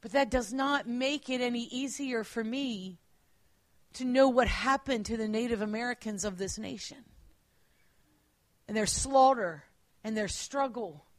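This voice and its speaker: High-voiced woman preaching earnestly. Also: no room sound. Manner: earnest, drops to quiet emphasis, corrects herself mid-sentence. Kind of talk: sermon.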